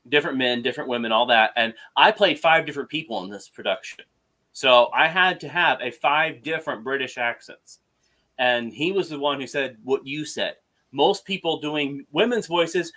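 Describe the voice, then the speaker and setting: Bright, animated male podcast host. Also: mid-range voice. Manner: animated, emphatic storyteller. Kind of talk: casual conversation.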